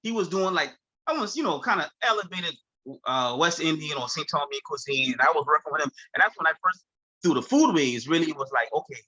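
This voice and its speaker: A chef from Charleston, South Carolina, appears as a guest and tells stories in an easygoing interview, his accent influenced by Gullah Geechee. His fairly high voice is brisk with a breathy edge, and the audio is lo-fi. He's animated, laughs often, and mimics his friends when quoting them in this casual conversational storytelling.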